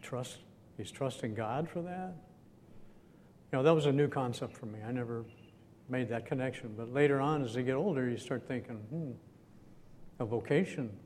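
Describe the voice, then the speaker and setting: Leaving long pauses at a moderate pace, a man with a darkish voice preaches in a chatty, questioning way, chuckling from time to time. The sermon echoes through a hall with a faint rumble beneath.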